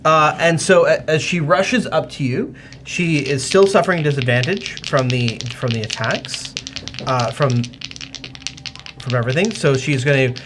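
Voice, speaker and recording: A man narrating as game master of a tabletop game, animated and hesitant with many fillers. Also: fairly high pitch, measured pace, noisy background.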